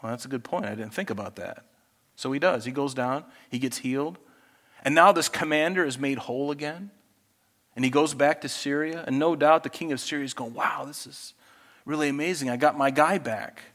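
A man preaching a sermon as a pastor, talking in a conversational way that turns animated when he acts out quoted speech. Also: mid-range voice, a little fast, big-room sound.

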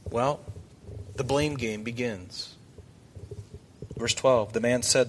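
Male pastor, middle pitch, preaching to the congregation in a chatty way with animated scripture quotes. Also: unhurried, long pauses, slight background noise. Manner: animated, shifts pitch when quoting scripture figures; conversational asides to the congregation. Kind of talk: expository sermon.

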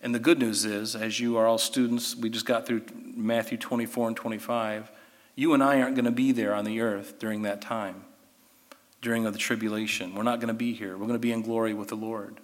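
A man teaching a Bible study class, animated and given to sarcastic asides. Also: fairly low pitch, brisk, in a large hall.

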